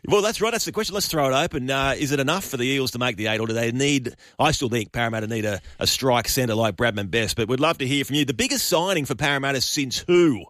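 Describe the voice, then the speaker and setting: A man's voice: medium pitch, expressive, quick pace, few pauses, fairly bright tone, no room sound, clean studio sound. A man hosting a sports radio show, opinionated and teasing, reading news items aloud. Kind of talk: casual sports radio chat. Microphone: studio microphone.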